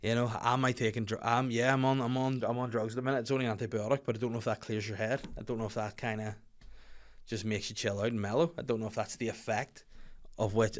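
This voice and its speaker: A young adult Northern Irish man hosting his own podcast, chatting casually with swearing and animated, rising rants. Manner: swearing, animated rants that swing loud and high. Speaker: podcast host and comedian. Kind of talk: casual solo podcast chat.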